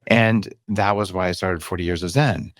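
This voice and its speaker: A man in his fifties, a biohacking author appearing as a podcast guest, shares candid stories in an interview at normal speed. He is animated, acting out the voices and quotes in his tales and shifting pitch for emphasis. The recording is dry and clean, with studio sound.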